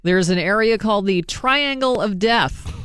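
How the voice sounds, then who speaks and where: A woman chatting casually, laying out facts in a steady, matter-of-fact way. Her voice is smooth and clear, and it sounds dry and close to the mic. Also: medium pitch, a little slow, no echo. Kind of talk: casual chat.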